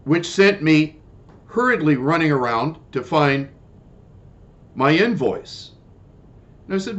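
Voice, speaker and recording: A man's voice: on the high side, lively intonation, lo-fi sound. Retired man with an indignant grievance. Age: older. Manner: measured and formal, then loud and indignant. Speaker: retired pet owner telling a complaint. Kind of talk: personal monologue.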